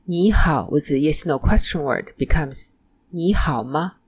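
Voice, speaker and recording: Woman teacher, deep-ish voice, takes her time, scripted mandarin lesson. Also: expressive, slightly rough, no echo. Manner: slow, careful model pronunciation of example phrases. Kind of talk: scripted language lesson narration.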